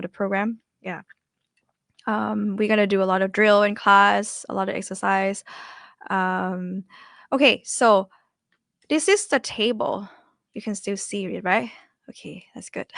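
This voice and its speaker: A woman's voice: mid-range voice, gravelly, a bit bright, no echo, studio quality. A young woman with a Thai accent teaches language tones in a chatty way, repeating words as drills. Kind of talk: online language lesson.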